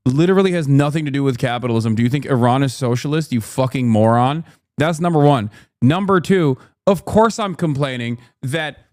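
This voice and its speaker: A man's voice: fairly high pitch, darkish tone, dry recording, clean studio sound. A male streamer giving heated, profane political commentary, mocking and ranting. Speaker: streamer host.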